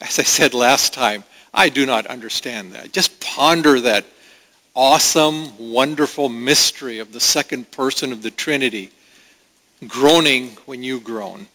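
A pastor preaching a sermon in an earnest, pausing way, with restarts. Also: male voice, medium pitch, pushed and bright, long reverb tail, low-quality recording.

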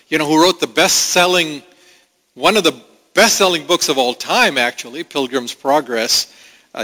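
A man's voice: medium pitch, moderate pace, sharp tone. Man preaching in a reverberant hall. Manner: earnest preaching with conversational asides. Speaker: pastor. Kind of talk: sermon. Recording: long reverb of a large hall.

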